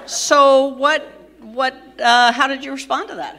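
Bright-voiced woman interviewer. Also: sits high, steady tone, a little slow. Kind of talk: scripted interview questions.

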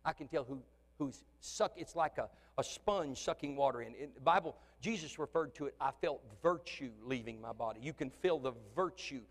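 High-voiced pastor preaching in a reverberant hall. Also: male voice, normal speed. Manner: animated preaching that swings between shouting and soft asides. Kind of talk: sermon. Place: church sanctuary. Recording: long church hall reverb.

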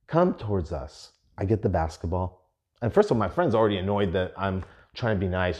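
A man hosting a podcast, telling casual stories in an animated, profane way with lots of fillers. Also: on the low side, brisk. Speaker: podcast host. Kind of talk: casual storytelling.

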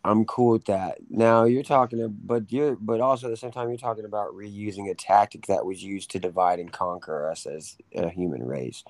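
A man in casual podcast chat, talking in a measured, wry way. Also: on the low side, a little mellow, dry recording, rough recording. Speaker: podcast co-host.

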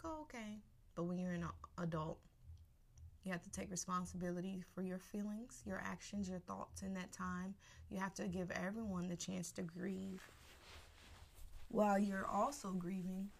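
A woman's voice: lowish voice, gravelly. A woman hosting a podcast, giving an unscripted personal monologue in casual slang, candid and emphatic with laughter between thoughts.

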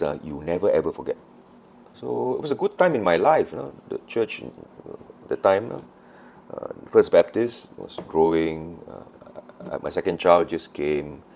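A middle-aged man with a Malaysian English accent preaching a sermon as pastor, telling the story lively and acting out voices. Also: deep voice, vocal fry, dull audio, a little hiss or hum. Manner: animated storytelling, acts out voices of disciples.

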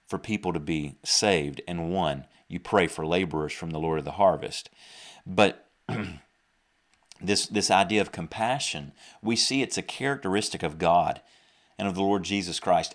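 A young man with a Southern US accent delivers a podcast sermon in a very low-pitched voice. He preaches earnestly, circling back to repeat and rephrase his points as he goes. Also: moderate pace. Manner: earnest, repeats and restarts phrases, mocks drawl in asides.

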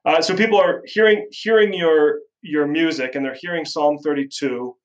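A man's voice: fairly high pitch, moderate pace, highs cut off. A man hosting a conversation, affirming and earnest, with emphatic repetition. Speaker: host. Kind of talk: conversational interview.

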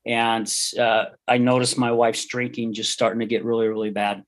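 Middle-aged guy on a podcast, candid and heartfelt, average pitch, telling his story straight. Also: flat delivery, moderate pace. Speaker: podcast guest. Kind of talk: personal testimony in an interview.

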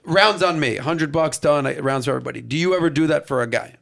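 Gravelly, animated podcast host. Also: male voice, on the high side, fast. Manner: animated storyteller, acts out quotes. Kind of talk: casual chat.

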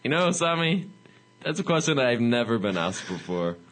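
Young man, co-host, lively pitch, joking, comic radio bit. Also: moderate pace. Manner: jokey, animated, bursts of laughter. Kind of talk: comedic mock radio show.

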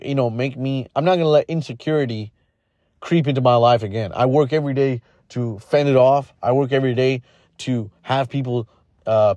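A man of middle pitch talks straight into a close podcast mic, in a dry room with no echo at all. He gives a blunt, casual motivational monologue, circling back with plenty of fillers and false starts. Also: darkish tone, muffled recording. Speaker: podcast host.

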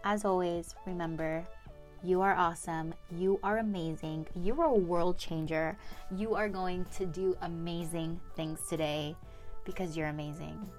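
Young female podcast host, casual upbeat rambling, lowish voice, soft music bed. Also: fairly even intonation, measured pace. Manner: chatty, upbeat, lots of fillers. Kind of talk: casual solo podcast chat.

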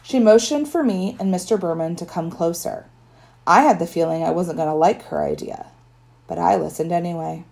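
A woman's voice: on the low side, moderate pace, vocal fry, a little mellow. A woman narrating a children's story in first person with a wry tone. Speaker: audiobook narrator.

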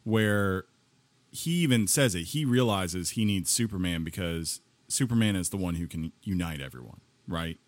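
Male co-host, very low voice, relaxed and halting, dry sound. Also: dry recording. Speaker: podcast co-host. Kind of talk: casual chat.

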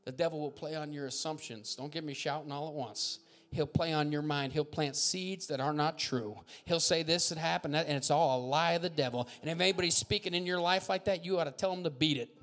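A man preaching a sermon as pastor, fiery and loud at peaks, with folksy jokes and asides. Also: a little high, a little fast, hardly any pauses. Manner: fiery preaching, bursts into shouts.

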